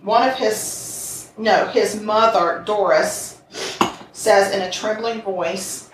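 A woman's voice: medium pitch, fairly even intonation, takes it slowly, far from the mic. A woman co-hosting a podcast, casually retelling a crime story in blunt, swearing terms and reading out quotes with animation. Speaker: podcast co-host. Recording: roomy echo, a bit off mic, faint noise.

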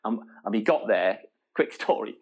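A middle-aged man spins an animated story as a guest in a relaxed interview. He laughs often and keeps restarting his sentences as the story runs on. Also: fairly low pitch, moderate pace, husky. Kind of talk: casual storytelling.

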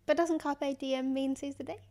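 A woman's voice: sits high, fairly even intonation, normal speed, dark tone. A young woman co-hosting a podcast, upbeat and playful in casual chat. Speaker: podcast co-host.

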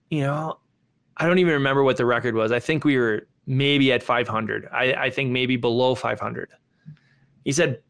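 A man giving a motivational talk and telling a personal story in an animated way, with sharp jumps in pitch. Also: moderate pace, gravelly, clear, resonant tone. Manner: animated, swings pitch up sharply when acting out his younger self. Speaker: speaker.

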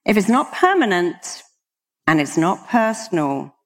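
A woman's voice: fairly low pitch, sing-song, measured pace, long reverb tail. A British woman, a hypnotherapist, giving an emphatic motivational talk to a live audience and acting out the people she quotes. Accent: British English. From Britain.

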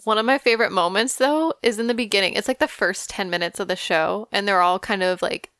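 A young woman co-hosting a pop-culture chat show, talking loosely with plenty of filler words. Her voice is smooth and resonant, close on a studio mic in a dry room. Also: mid-range voice, a little fast, fairly bright tone, dry recording. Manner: chatty, lots of "like" and "I don't know". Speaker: podcast co-host.

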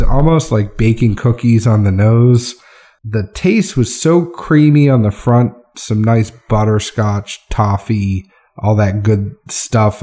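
A man's voice: on the low side, warm tone. A man co-hosting a casual whiskey tasting, describing flavors in a chatty way with restarts.

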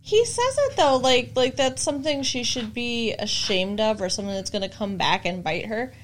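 A woman's voice: a little high, lively intonation, moderate pace, a little hiss or hum. Woman, podcast co-host, casual conversation, wry, chatty. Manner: conversational, wry, lots of fillers. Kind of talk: casual chat recapping a TV episode.

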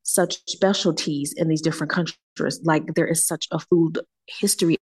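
A woman chatting on a podcast, telling animated stories, acting out quoted people in voices and using casual slang. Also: deep voice, moderate pace, slightly rough. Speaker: wine tour guest.

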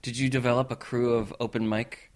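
Male podcast host man, attentive questioner, mid-low pitch. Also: level tone, brisk. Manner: attentive, asks open questions. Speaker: interviewer host. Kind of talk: casual interview.

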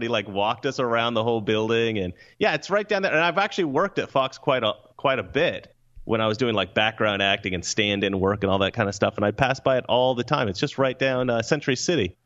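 A man's voice: medium pitch, fairly quick, fairly bright tone, lo-fi sound. A man co-hosting a movie chat show, talking casually with frequent laughs and stumbling restarts. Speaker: co-host, film commentator.

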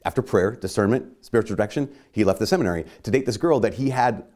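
A man's voice: fairly low pitch, expressive, fast talker, a little mellow. A man giving a sermon in a conversational, self-mocking way, acting out little dialogues. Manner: conversational, self-mocking, acts out quoted voices.

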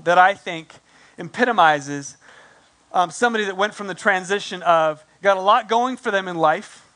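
A man preaching in a casual, talky style, with a notably high voice. He slips into quick acted asides as he tells the story. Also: a bit bright. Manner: conversational, acts out characters in quick asides. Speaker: pastor. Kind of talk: sermon.

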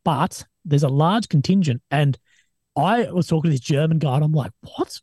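Husky, swearing young Australian man. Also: on the high side, moderate pace, no room sound. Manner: swears a lot, animated retelling of others' words. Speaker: guest, army veteran and journalist. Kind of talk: casual interview talk.

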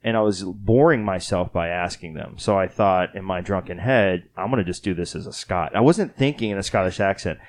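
A man's voice: sits low, fairly quick, hardly any pauses. A man from Texas hosting a podcast in casual chat, rambling and joking at his own expense, tired after a late night. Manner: rambling, joking, self-mocking. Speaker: podcast host.

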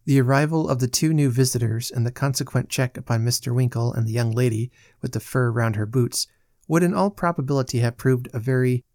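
A podcast host reading a classic novel aloud in a measured, clear storytelling manner. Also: male voice, mid-range voice, a little mellow, no room sound, clean studio sound.

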